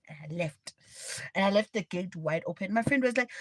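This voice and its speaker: A woman's voice: medium pitch, very animated, a little fast, a bit bright, no room sound. A young woman with a South African accent, hosting a livestream and telling a story bluntly and dramatically. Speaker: livestream host. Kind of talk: casual storytelling.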